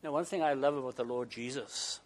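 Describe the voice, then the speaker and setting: A man preaching an emotional sermon who swings from raised emphasis to hushed whispers. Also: medium pitch, brisk.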